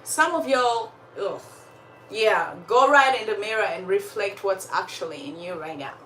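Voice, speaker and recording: A woman telling a story in a casual, animated way, with emphatic asides and religious commentary. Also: mid-range voice, moderate pace. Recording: echoey room, slightly far from mic, faint background noise.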